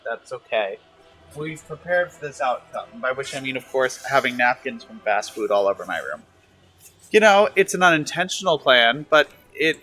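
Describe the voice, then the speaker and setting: A man chats his way through a game from his bedroom, sassy and teasing. His pitch swings widely while the words come slow and drawn out. Faint music plays underneath. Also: bright, forceful tone. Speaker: streamer. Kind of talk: casual gameplay commentary. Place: at home in his room.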